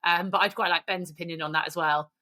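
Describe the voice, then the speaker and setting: A woman's voice: fairly low pitch, steady tone, bright, forceful tone. A woman co-hosting a podcast in cheeky, sweary casual chat. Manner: cheeky, sweary, quick to laugh. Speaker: podcast co-host.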